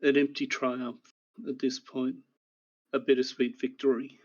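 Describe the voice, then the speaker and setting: Slow, flat-voiced male game master. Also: medium pitch, highs cut off. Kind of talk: recapping a tabletop game session.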